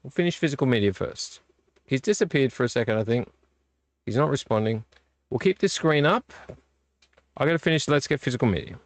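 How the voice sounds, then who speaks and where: A man's voice: mid-range voice, lively intonation, brisk, pauses often, no room sound. A middle-aged man, hosting a casual live-stream vlog in a rambling, easily distracted way. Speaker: vlog host.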